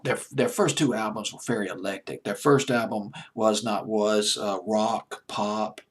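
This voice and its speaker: A man's voice: fairly low pitch, steady tone, a little slow, breathy edge. A man from Alabama with a Southern accent, hosting a music countdown in a chatty, enthusiastic way, laughing as he talks. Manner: chatty, enthusiastic, laughs often, stumbles and restarts. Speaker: radio-style countdown deejay. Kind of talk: casual countdown commentary.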